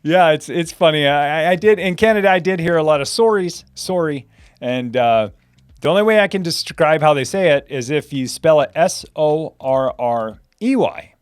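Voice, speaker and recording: Lively rambling American man, dry sound. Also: on the high side, normal speed, clean tone, dry recording. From United States. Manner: rambling, lots of restarts and fillers, laughs often. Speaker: host. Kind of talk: live Q&A chat reading viewer comments.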